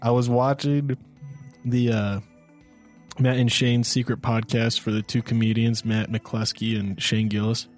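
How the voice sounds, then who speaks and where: A man's voice: medium pitch, flat delivery, measured pace, soft background music. A man co-hosting a podcast, chatting casually and telling rambling stories full of fillers. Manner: rambling, filler-heavy storytelling. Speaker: podcast co-host. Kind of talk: casual chat.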